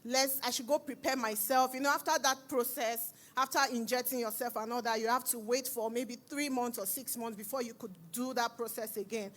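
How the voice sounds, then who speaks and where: A woman from Edo, Nigeria, with a Nigerian accent, giving a church testimony in an animated, storytelling way and acting out the conversations she recalls. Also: on the high side, a little fast, hardly any pauses. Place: church service.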